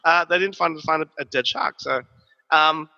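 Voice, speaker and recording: A man, co-hosting a podcast and telling stories in a lively, swearing, casual way. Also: a little high, normal speed, creaky. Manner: animated, profane storytelling. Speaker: podcast co-host. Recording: dull, reverberant recording.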